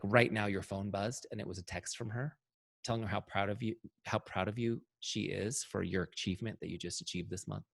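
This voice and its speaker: A lower-pitched man talks through a training session over a video call, upbeat and chatty, drifting into stories and asides. The sound is dry and close, with hardly any room around it. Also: no echo. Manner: enthusiastic, chatty, storytelling with asides. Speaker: software founder giving a training.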